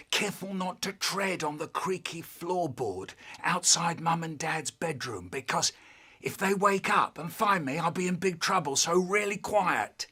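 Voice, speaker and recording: Man, animated comic storyteller, lively and slightly high voice. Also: unhurried, breathy edge.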